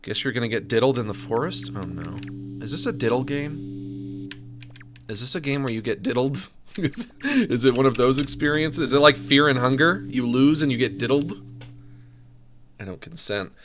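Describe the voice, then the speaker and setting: With game music in the background, a man with a mid-range, expressive voice talks at a moderate pace during a game stream. His commentary is casual, full of rambling and jokes aimed at himself and his chat.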